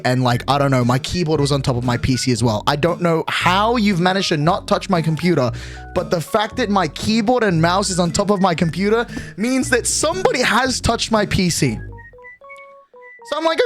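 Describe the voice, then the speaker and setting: A nineteen-year-old streamer, talking casually to a livestream audience. The voice swings widely up and down as the rants get animated and exasperated, peppered with swearing. Faint music plays underneath. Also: medium pitch, brisk. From Australia.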